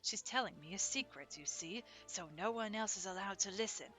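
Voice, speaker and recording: A woman's voice: mid-range voice, brisk, a bit bright, soft background music, lightly acted. A woman voicing a stiff, formal young nobleman in a game, with old-fashioned phrasing. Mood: courteous.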